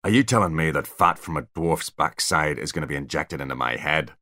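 A man's voice: very deep voice, animated, fairly quick, pushed and bright, no room sound, clean studio sound, exaggerated voice. A man voicing a big, terse male bodyguard who speaks in short, grumbling lines. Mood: gruff wary.

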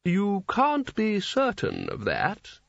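A man's voice: high voice, huge pitch swings, takes it slowly, gravelly, no room sound, muffled recording, voice pushed up, full character voice. A man reading aloud, voicing a pompous older male wizard who drags out grand, flowery speeches. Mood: defensive.

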